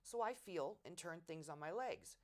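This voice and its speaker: A middle-aged woman in an oral history interview, telling war stories in a lively way and acting out quotes loudly. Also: on the low side, moderate pace. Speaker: veteran interviewee.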